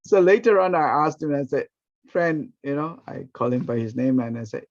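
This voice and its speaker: A man, teaching a ministry training session through lively stories and acted-out quotes. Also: on the high side, normal speed. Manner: animated, acts out quoted speech. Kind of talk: storytelling teaching talk. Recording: dull, muffled recording.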